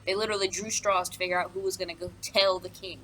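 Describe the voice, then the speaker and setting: A woman's voice: lowish voice, fairly even intonation, quick pace, pushed and bright, slight background noise, rough recording. A young woman, an English teacher, casually explains a play with lots of ums and asides. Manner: chatty, with many fillers and asides. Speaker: high school English teacher. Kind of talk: casual recorded lesson.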